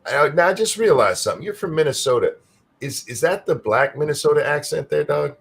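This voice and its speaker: A man's voice: a little high, lively intonation, a little fast, creaky. A man from Michigan co-hosting a live stream, talking bluntly and casually and swearing now and then. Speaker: co-host.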